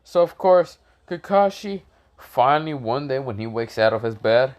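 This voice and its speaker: A man casually improvising a fan-fiction story, rambling with self-corrections, swearing, and high shouted voices for characters. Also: expressive, moderate pace, highs cut off.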